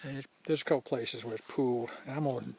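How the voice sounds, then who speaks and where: Walking a mountain trail with a handheld camera, a man chats loosely to viewers as he scouts the route, frequently restarting what he's saying. His mid-range voice is fast and slightly rough.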